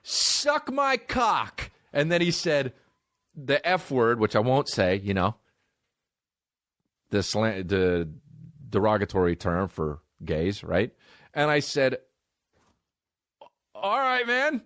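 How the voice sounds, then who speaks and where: A man's voice: fairly low pitch, slow pace, long pauses, no room sound, clean studio sound. A man telling a story in a loose, profane way and acting out what other people said. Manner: animated, profane, acts out other people's lines. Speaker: comedian. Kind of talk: storytelling chat.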